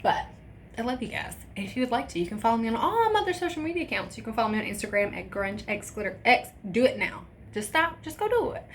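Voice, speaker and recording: A young woman vlogger telling a personal story in a casual, animated way, swearing freely. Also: on the high side, quick pace, slight background noise. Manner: animated, profane, laughing asides.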